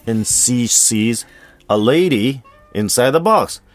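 Animated male storyteller. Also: medium pitch, faint music behind. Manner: animated, playful, slightly halting English. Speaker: storyteller, co-host. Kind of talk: casual podcast storytelling.

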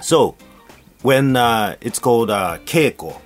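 A man's voice: medium pitch, slow, faint music behind. A man co-hosting a podcast in a small studio, talking casually with many fillers. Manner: relaxed, many fillers, reads listener emails aloud. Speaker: podcast co-host, rakugo performer. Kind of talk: casual chat.

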